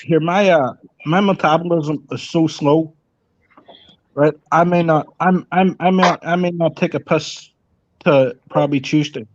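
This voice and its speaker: An easygoing man from Ireland chats casually on an online stream. His voice is a little high, and the audio is dry and muffled. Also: steady tone, measured pace, no echo. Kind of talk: casual chat.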